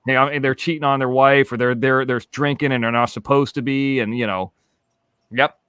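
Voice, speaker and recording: A man on a live stream chat, blunt and brisk, swearing freely and giving firm advice. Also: medium pitch, fairly even intonation, fairly bright tone, clean tone, dry recording, clean studio sound. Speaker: guest.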